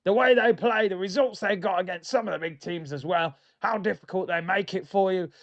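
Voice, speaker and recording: A man's voice: high voice, a little fast, a bit bright, voice pushed up. A man putting on the voice of a blunt, boastful northern football manager who keeps saying mate. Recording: dull lo-fi audio.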